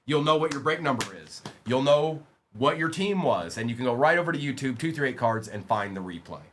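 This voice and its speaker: A man's voice: mid-range voice, lively intonation, slight background noise. A man hosting a live-streamed trading card break, chatting with viewers by name and reading out lists of players. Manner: talks to chat viewers by name, reads lists of names quickly. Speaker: livestream card break host. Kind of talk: casual live-stream chat.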